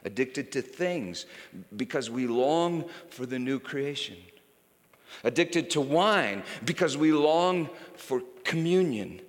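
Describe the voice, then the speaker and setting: A man preaching a sermon with passion, dropping to a hush and then rising to a shout. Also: medium pitch, expressive, takes it slowly. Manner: impassioned, swinging from hushed to shouting. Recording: reverberant hall.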